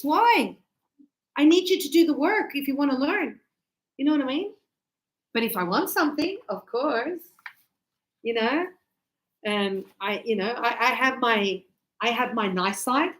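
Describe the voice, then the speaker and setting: A woman with a fairly high voice teaches an English class in an easy, conversational way. She acts out everyday exchanges and fills her pauses with playful sound effects. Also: lively intonation, poor audio. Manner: chatty, acts out little scenes with sound effects.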